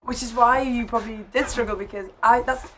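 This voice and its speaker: A woman's voice: a little high, steady tone, a little fast, a little hiss or hum. A woman in casual comedy chat who asks pointed questions and makes wry observations. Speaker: podcast guest. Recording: loud crowd chatter behind.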